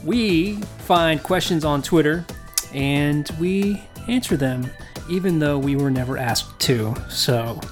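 A man co-hosting a casual comedy podcast, trading deadpan jokes and plugging the show. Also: a little high, slow, soft background music. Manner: joking, deadpan self-promotion. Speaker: podcast co-host.

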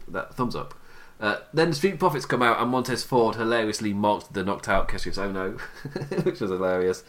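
A man giving a casual, chatty recap of a wrestling show, with frequent laughs and quick asides. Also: fairly low pitch, animated.

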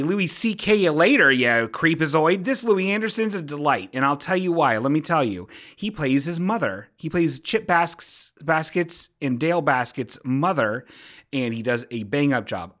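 A man hosting a casual comedic podcast, rambling and joking as he stumbles through his own sentences. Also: on the high side. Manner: rambling, animated, self-interrupting with jokey bits. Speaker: podcast host.

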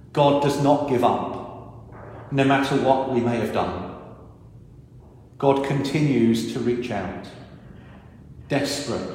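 A man's voice: mid-range voice, a little mellow, slight background noise. A man, a priest giving a sermon, telling stories and acting out reactions and dialogue as he goes. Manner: storytelling, acts out crowd reactions and dialogue. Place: large church. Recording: very echoey church with long reverb.

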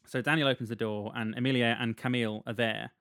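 A man's voice: medium pitch, fairly even intonation, normal speed, a bit bright, dry recording. A man, casually retelling a film's plot on a podcast with dry humor and frequent laughs. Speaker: podcast co-host recapping a film. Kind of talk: casual chat.

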